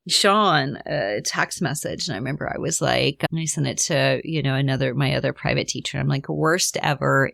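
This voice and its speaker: Middle-aged lady podcaster, low gravelly voice, rambly honest storytelling. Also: a bit bright, no echo, studio quality. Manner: candid, emotional, many fillers and asides. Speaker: podcast host. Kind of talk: personal storytelling monologue.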